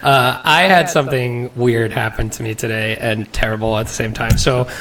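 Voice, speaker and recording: A man's voice: medium pitch, steady tone, moderate pace, fairly bright tone, reverberant, recorded from a distance, slight background noise, poor audio. Laid-back young man hosting a podcast. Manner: chatty storyteller, laughs through his story. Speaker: podcast host. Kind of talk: casual podcast chat.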